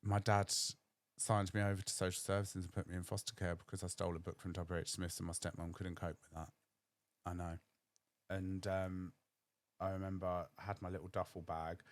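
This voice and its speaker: A man's voice: low-pitched, flat delivery, fairly quick, no room sound. A young man, telling a candid personal story on his podcast and acting out other people's voices. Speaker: podcast host.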